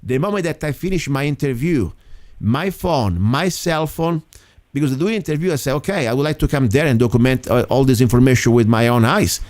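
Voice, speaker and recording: A man's voice: mid-range voice, a little fast, darkish tone. Indignant man ranting as show host. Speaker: host of a small local show. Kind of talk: heated talk-show monologue.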